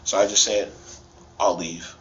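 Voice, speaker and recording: A man's voice: deep voice, flat delivery, unhurried, fairly bright tone. A middle-aged man tells his account in an interview, rambling and emotional, often restarting his sentences. The audio is dull and lo-fi, with a faint noise underneath. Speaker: interviewee, father.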